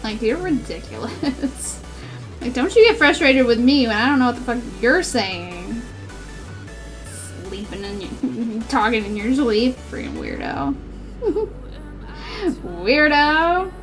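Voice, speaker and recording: A woman's voice: fairly high pitch, expressive, unhurried, faint music behind. A woman streamer chatting casually while she cross-stitches. She rambles, giggles often and says "like" a lot. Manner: giggly, rambling, heavy use of "like".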